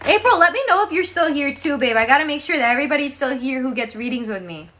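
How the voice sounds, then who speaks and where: Young female tarot reader, casual and chatty, bright voice, a bit weary. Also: high-pitched, animated, quick pace. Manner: casual, chatty, calls viewers babe. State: tired, yawning. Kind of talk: live-stream tarot reading.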